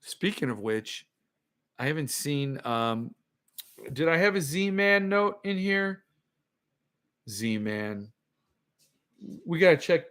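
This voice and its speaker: A man's voice: on the high side, animated, slow, pauses often, a bit bright. A man hosting a livestream, ranting sarcastically and answering viewer comments in casual chat. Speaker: podcast host.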